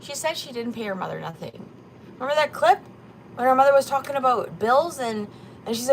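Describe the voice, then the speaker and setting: A woman hosts a livestream in a chatty, gossipy commentary style, cursing casually. Her voice sits a little high. Faint background noise hums beneath her. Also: animated, a little fast, poor audio. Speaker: livestream host.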